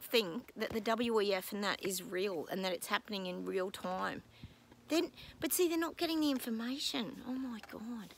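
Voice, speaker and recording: A woman's voice: medium pitch, moderate pace, vocal fry, rough recording. A woman psychic talking in a casual vlog from home, rambling and exasperated, breaking off with apologetic asides. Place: at home with her dogs.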